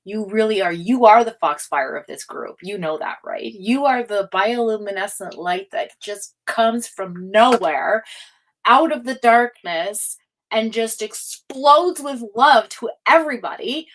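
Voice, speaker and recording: A woman's voice: a little high, lively intonation, measured pace. A woman hosting a tarot livestream, chatting casually with viewers in an emotional, rambling way, laughing often. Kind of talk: casual chat reading live comments.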